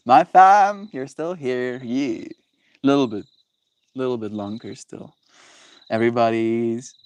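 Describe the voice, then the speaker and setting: A man's voice: mid-range voice, darkish tone. A man chatting casually with his live-stream viewers, playful and rambling, often checking in with "right?". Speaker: livestreamer reading chat.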